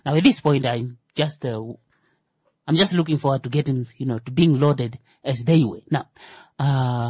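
Male radio host, sarcastic satirical commentary, husky voice, dry close sound. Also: medium pitch, normal speed, a little mellow, no echo. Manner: sarcastic, mock-indignant, stumbling restarts.

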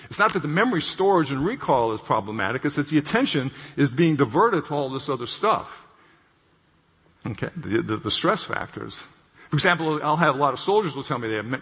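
A man with a slightly husky, fairly high voice explains stress and the brain in an easy, conversational way. He keeps checking in with his listeners as he goes. His voice carries a long hall reverb. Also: sing-song, brisk, a bit bright. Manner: conversational, repeats points and checks in with "okay?". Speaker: clinician speaking on stress. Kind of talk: explanatory talk with acted anecdote.

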